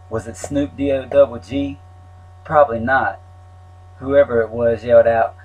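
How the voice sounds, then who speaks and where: A man's voice: medium pitch, flat delivery, measured pace, a little mellow, faint music behind, poor audio. A man reading his own story aloud in a plain, wry telling. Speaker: memoir narrator.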